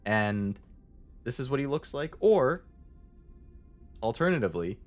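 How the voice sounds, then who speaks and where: A man's voice: mid-range voice, sing-song, measured pace, soft background music. A man streaming as a VTuber, chatting casually and rambling as he answers his chat, with many fillers.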